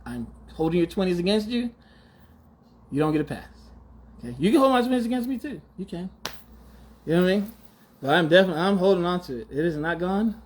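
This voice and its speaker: A man in his forties holds forth on a podcast in a casual, slangy monologue. His voice sits high and swings widely as he teases and acts outraged. He laughs often between points. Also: lively intonation, fast talker, long pauses. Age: 40s. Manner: slangy, teasing. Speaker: podcast host.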